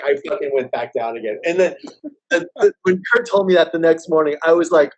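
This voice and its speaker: A man in a casual band chat, telling tour stories, swearing and jumping his voice up high to act out what people said. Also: fast, slight background noise, low-quality recording. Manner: animated, swearing, jumps high to act out quotes. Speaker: band member. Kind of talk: casual storytelling among bandmates.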